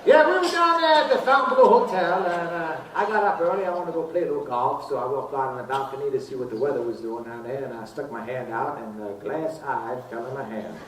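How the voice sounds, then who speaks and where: A man's voice: medium pitch, fast talker, few pauses, fairly bright tone. A man impersonating a crooner on a casino stage, telling jokes between songs in a lazy, easygoing crooner patter. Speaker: tribute performer doing a crooner. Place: casino showroom stage with live audience. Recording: roomy live showroom, distant, audience and noise.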